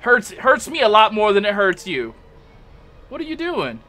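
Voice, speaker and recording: Man yelling through a boss fight. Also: high-pitched, huge pitch swings, moderate pace, soft background music. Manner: trash-talks the boss, loud yelps and exclamations. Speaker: gamer playing a boss fight. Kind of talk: live gameplay commentary.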